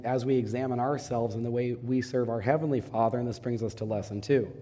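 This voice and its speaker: A man in his thirties preaches a sermon in a large hall, and his voice trails off into a long reverb. His tone is dark and mellow, and he keeps asking the congregation questions, then answers them himself. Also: medium pitch. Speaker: pastor.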